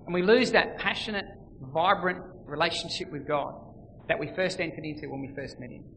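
A man preaching a sermon, swinging between loud emphasis and quiet, intimate lines. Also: fairly high pitch, fairly quick, slight background noise. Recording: long reverb, faint ambience.

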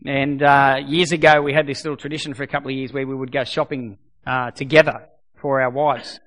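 A man's voice: medium pitch, flat delivery, fairly quick, fairly bright tone. A middle-aged man preaching a sermon in an earnest, conversational way, often repeating phrases for emphasis. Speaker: pastor.

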